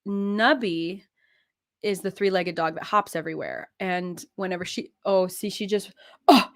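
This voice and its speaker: A woman's voice: fairly low pitch, normal speed. A young woman chatting casually and playfully, rambling while she works on a craft. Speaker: host.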